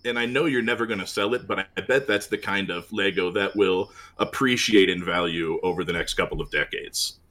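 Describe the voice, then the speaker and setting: A man with a fairly low voice talking on a podcast call, earnest and complimentary. He hesitates often, filling gaps with "uh" as he works out his point. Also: a little fast, few pauses, pushed and bright. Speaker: podcast co-host. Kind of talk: casual chat. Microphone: remote call with dropouts.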